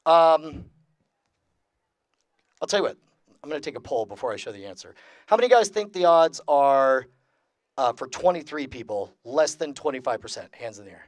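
A man with a fairly high voice gives a joking, high-energy lecture to a big convention crowd. He keeps quizzing the room and laughing along with the audience. His voice sounds close and dry, with little room sound. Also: animated, normal speed, pauses often, no echo. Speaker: lecturer at a skeptics convention panel. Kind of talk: comedic skeptic lecture to a live audience. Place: large convention room with about two hundred people.

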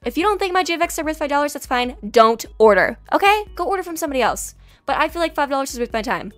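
A woman's voice: sits high, expressive, quick pace, no echo. A woman telling a storytime vlog in a sassy, chatty way, full of "like". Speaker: YouTube graphics artist. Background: faint background music.

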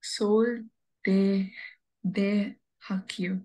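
A woman student reads aloud slowly and quietly, stopping often to hesitate. Her voice is husky and mellow. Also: medium pitch, steady tone. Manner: hesitant, quiet, many pauses. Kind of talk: reading aloud in a lesson.

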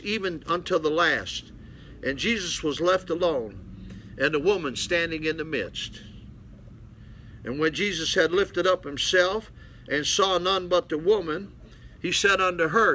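A man's voice: fairly high pitch, expressive, measured pace, bright, forceful tone. An older man, a pastor, preaching bluntly to a small mission congregation and calling out to his listeners. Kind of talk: folksy preaching Bible study.

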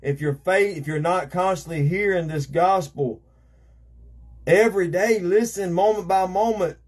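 A man's voice: high-pitched, measured pace, breathy edge. A man preaching a fervent sermon as an evangelist, repeating himself and calling out amen and praise God.

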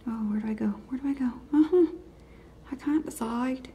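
A woman hosting a nail art video, chatting casually and half-whispering to herself as she works, easily excited. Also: high-pitched, a little fast, slight background noise. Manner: mutters and half-whispers to herself while working; excitable, eager. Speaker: nail art channel host. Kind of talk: casual tutorial commentary.

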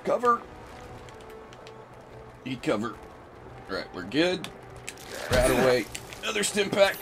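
A man with a sick voice giving casual, excitable commentary over his gameplay, swearing and shrieking high-pitched battle cries. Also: slow, over music. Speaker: gaming video host.

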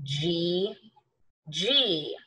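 A woman's voice: fairly low pitch, lively intonation, very slow, pushed and bright, a little hiss or hum, poor audio. A woman teaching an early-grade phonics lesson, patiently sounding out words letter by letter and speaking to the children as boys and girls.

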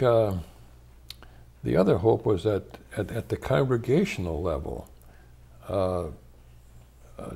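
An older man from the United States speaks low and mellow in an interview. He is measured and reflective, often pausing to gather his thoughts. His deep, relaxed tone carries an unhurried, thoughtful manner. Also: creaky, husky. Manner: measured and thoughtful, with frequent pauses and restarts. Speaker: interviewee, retired church leader.

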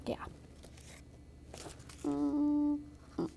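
A young woman giving a casual, chatty watercolor painting tutorial, encouraging and quick to laugh. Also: high-pitched, completely flat delivery, vocal fry, dark tone, slight background noise. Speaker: watercolor instructor.

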